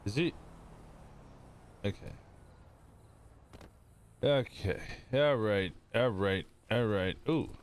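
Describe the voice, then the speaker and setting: A man's voice: fairly low pitch, extremely slow, long pauses. A man livestreaming a roleplay game, chatting casually with his viewers in a rambling, self-interrupting way. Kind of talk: casual chat with stream viewers.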